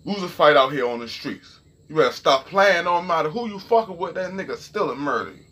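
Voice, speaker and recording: A man's voice: on the high side, lively intonation, brisk, a bit bright, breathy edge. A young man telling a story and ranting in a casual, profane, heated way straight to his viewers. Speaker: vlogger.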